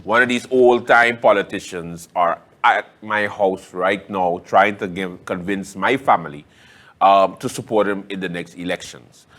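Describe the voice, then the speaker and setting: A man's voice: low-pitched, measured pace, a bit bright. A man hosting a political talk show, conversational and sarcastic, leaning hard on his key points. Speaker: host. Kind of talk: casual political commentary.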